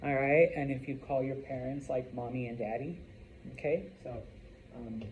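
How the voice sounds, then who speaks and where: A man's voice: medium pitch, fairly even intonation, moderate pace, a little mellow, slight background noise, rough recording. A man teaching a Spanish vocabulary lesson to a class, chatty, with joking asides and frequent "okay?" check-ins.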